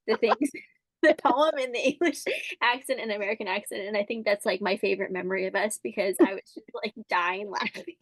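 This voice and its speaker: A woman's voice: medium pitch, fairly quick, no echo. A woman in her thirties hosting a podcast, chatting with enthusiasm and laughing as she tells stories. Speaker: podcast host. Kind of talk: casual chat.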